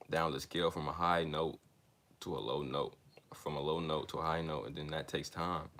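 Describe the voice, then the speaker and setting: A man's voice: rumbling low, a bit bright. A young man reading a self-help book aloud, stumbling over words, with casual asides to his listeners. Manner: reads haltingly, stumbling and restarting words. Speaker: book reader and commentator.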